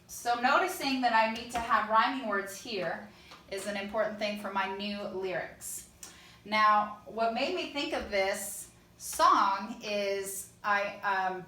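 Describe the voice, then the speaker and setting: Bright-voiced woman teaching songwriting. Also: fairly high pitch. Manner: explains step by step, sings short lines to check. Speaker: music teacher. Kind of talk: online songwriting lesson. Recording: echoey room, a bit far from mic.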